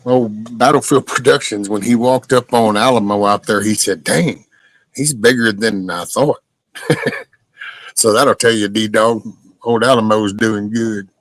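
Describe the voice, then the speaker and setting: A man's voice: on the low side, level tone, measured pace, no room sound, low-quality recording. A man in his sixties hosting a casual live stream, chatting bluntly and folksily with plenty of profanity while answering viewer comments.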